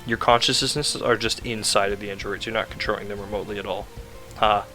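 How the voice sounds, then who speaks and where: A man's voice: fairly low pitch, steady tone, a little fast, pushed and bright, soft background music. A man casually rambling through a recap of a video game plot, full of "like" fillers and self-corrections.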